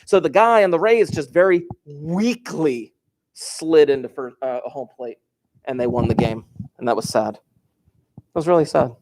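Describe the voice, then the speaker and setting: A male teacher with a fairly high, darkish voice speaks a little slowly as he wanders around his classroom. His lesson is casual and digressive, full of stories and questions for the students.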